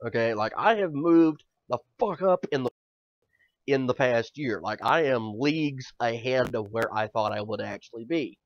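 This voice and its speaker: A man's voice: mid-range voice, animated, normal speed, no room sound. A man in his thirties co-hosts a casual comedy podcast. He is loose and profane and swings from mock bragging to joking gloom. The sound is dull and lo-fi, with a dry, close feel. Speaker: podcast co-host.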